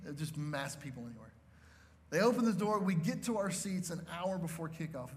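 A pastor with a high voice preaches a sermon in a big-sounding room. He tells a story emphatically, frequently checking in with the crowd by asking "okay?"

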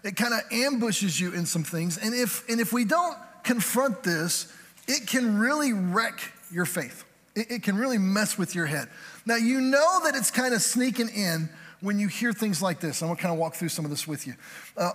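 High-voiced joking male pastor preaching. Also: lively intonation, fairly bright tone. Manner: joking, conversational preaching with quick asides. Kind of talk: sermon. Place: church sanctuary. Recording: hall reverb from a church sanctuary.

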